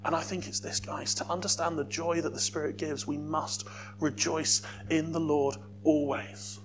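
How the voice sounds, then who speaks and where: A man preaching a sermon as a youth worker, lively, with joking asides to the congregation. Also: on the high side, moderate pace, background noise.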